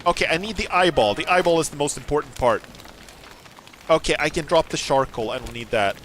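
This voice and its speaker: A man streaming a video game, commenting casually, excitable, swearing and laughing often. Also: fairly high pitch, brisk, slight background noise. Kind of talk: let's play commentary.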